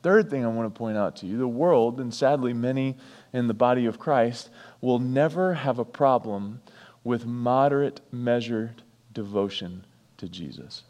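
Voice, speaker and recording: A pastor preaching a sermon, repeating key lines for emphasis and breaking off for chatty asides. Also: male voice, mid-range voice, moderate pace, darkish tone, in a large hall.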